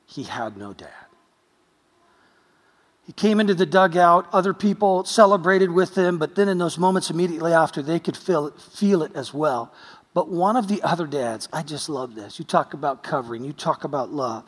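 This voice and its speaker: A man's voice: a little high, lively intonation, normal speed, long reverb tail. A man preaching a sermon as pastor, telling stories earnestly with touches of light humor.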